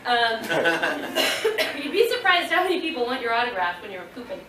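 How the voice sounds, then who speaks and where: A woman in her thirties telling a lively story to a convention audience, laughing and acting out what people said. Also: fairly high pitch, moderate pace, noisy background. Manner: animated, laughing, acting out quotes. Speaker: convention panel guest. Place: convention panel room. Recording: echoey room, voice from far off.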